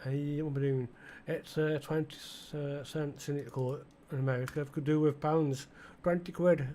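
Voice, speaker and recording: A man's voice: on the high side, steady tone, normal speed, dark tone, slight background noise. A middle-aged man with an East Midlands English accent, rambling casually with lots of fillers as he plays and chats to the game's customers. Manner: rambling, chatty, full of fillers, talks to game customers. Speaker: gaming channel host. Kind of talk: casual let's-play commentary.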